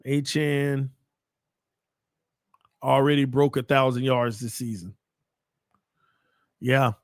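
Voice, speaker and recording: A young man hosting a live watch party, calling plays and bantering with his viewers in casual slang, swinging between hype and low mutters. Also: takes it slowly, dry recording, clean studio sound. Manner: excitable, jumps between hyped play-calling and low muttering asides. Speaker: sports watch party host. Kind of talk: live game commentary and chat.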